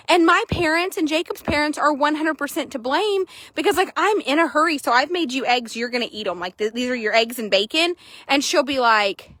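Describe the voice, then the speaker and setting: A young woman horse trader chatting casually outdoors at an arena, quick and loose, swearing now and then. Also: a little high, lively intonation, fairly bright tone, dry recording. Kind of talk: casual narration while riding.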